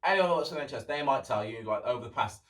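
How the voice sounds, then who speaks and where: A young man hosts a solo podcast in loose, rambling chat. His pitch sits in the middle, and he gets sarcastic and swears when he rants. The mic sits some distance from him, so his voice sounds slightly removed. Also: animated, rapid-fire, fairly bright tone. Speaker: podcast host.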